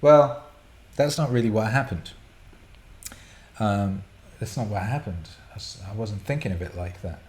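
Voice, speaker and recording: Low-voiced man rambling through listener questions. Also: darkish tone. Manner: rambling, swears freely, many fillers and restarts. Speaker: podcast host answering listener questions. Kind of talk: casual storytelling answers.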